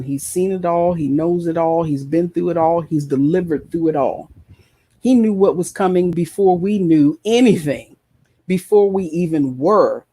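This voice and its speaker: A preacher delivers an emphatic sermon, driving his points home through repetition. His voice is husky and mellow, sitting a little higher than most men's. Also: animated, normal speed. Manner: impassioned, emphatic, repeats phrases. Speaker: preacher and show host.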